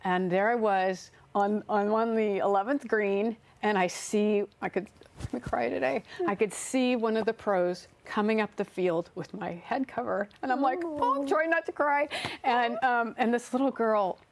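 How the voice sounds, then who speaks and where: A woman's voice: mid-range voice, moderate pace, darkish tone. A middle-aged woman, an artist and songwriter, chatting as an interview guest, telling stories with frequent laughs, fillers and restarts. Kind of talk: casual interview storytelling.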